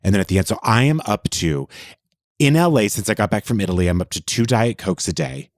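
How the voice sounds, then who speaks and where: Man, podcast co-host, very low voice, dry close mic, campy storyteller. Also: animated, fairly quick, no room sound. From Texas. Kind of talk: casual chat.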